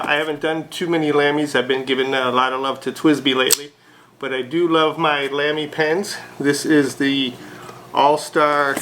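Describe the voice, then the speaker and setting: A man vlogging a casual unboxing of a fountain pen, chatty and relaxed with frequent hesitations. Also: medium pitch, slight background noise, poor audio.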